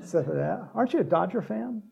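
A man preaching a sermon, joking with the congregation and breaking into loud shouts to act out cheering crowds. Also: sits high, lively intonation, a little fast, creaky, muffled recording. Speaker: pastor.

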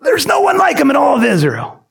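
A preacher putting on an old prophet shouting praise. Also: male voice, extremely high pitch, huge pitch swings, fairly quick, vocal fry, pitched above the performer's own voice, heavily acted. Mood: exuberant. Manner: shouting, boastful salesman-like praise. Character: the prophet Samuel, old man, excitedly presenting the new king.

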